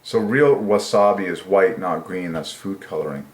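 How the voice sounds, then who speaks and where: A man hosting his own channel, musing aloud in casual solo commentary, enthusiastic and repeating words to himself, sometimes in a sing-song higher voice. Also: normal speed. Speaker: channel host. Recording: echoey room.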